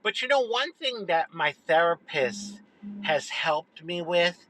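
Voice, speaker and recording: Bright-voiced woman telling a childhood story. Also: slow, dry recording, low-quality recording. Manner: expressive, animated, dropping low for emphasis. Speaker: social media storyteller. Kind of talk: personal storytelling to camera.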